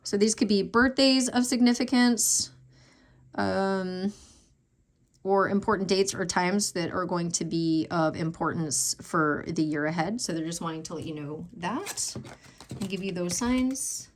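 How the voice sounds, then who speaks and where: A woman lays out tarot cards and talks through their messages in a casual, emotional way. She fills her speech with ums, repeated words and soft exclamations while she reads the cards aloud. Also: on the low side, a little slow. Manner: emotional, many fillers and restarts, exclamations. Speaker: tarot reader.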